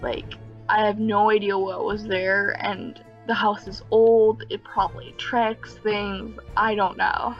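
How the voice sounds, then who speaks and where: A woman's voice: mid-range voice, little pitch movement, slow, highs cut off, faint music behind. A young woman casually telling a personal story, rambling with many fillers and small nervous laughs. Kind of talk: casual story time narration.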